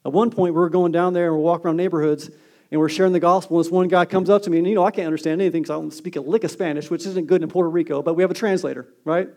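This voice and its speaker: A man preaching a sermon as a pastor, earnest and emphatic, dropping to a hushed tone on key lines. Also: fairly high pitch, steady tone, racing.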